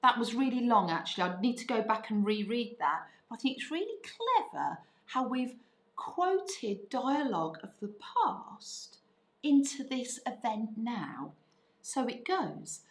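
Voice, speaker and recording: Middle-aged female teacher, animated and unhurried, echoey room sound. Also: on the high side. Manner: lively, voices quoted parents' phrases. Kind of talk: writing lesson, thinking aloud.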